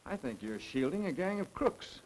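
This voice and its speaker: A brash detective. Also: male voice, fairly high pitch, sing-song, normal speed, noisy background. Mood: defiant. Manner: blunt, defiant. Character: brash American male detective, persistent. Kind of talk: 1930s film acting.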